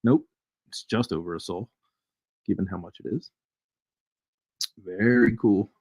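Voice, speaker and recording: A man's voice: on the low side, unhurried, a little mellow, husky, no room sound. A man hosting a casual live trading stream, chatty and jokey, chuckling as he reads charts aloud. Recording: dry, dull lo-fi stream audio.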